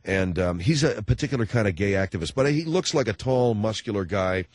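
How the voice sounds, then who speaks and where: A man hosting a talk radio show, chatting with callers in a rambling, halting way full of fillers and restarts, joking and slipping into mocking voices. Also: fairly low pitch, lively intonation, dry recording. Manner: jokey, breaks into mocking voices.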